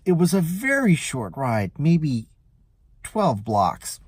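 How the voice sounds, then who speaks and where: A man, a rideshare driver, telling a story in a casual vlog in a chatty, animated way. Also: medium pitch, slow pace, long pauses, no room sound. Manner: chatty, animated retelling with lively quoted voices.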